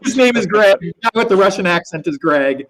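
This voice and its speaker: A man from the United States co-hosts a live online show over a video call. His voice sits fairly high, and he talks in a chatty, rambling way, correcting himself as he goes. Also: expressive, fairly quick, a bit bright. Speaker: co-host.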